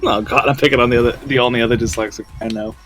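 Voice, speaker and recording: A man's voice: medium pitch, fairly even intonation, racing, a bit bright, faint music behind. A man hosting a game stream, chatting casually in a voice call, teasing, swearing freely and laughing often. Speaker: streamer host. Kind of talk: casual voice-chat banter. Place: online voice chat during a game stream.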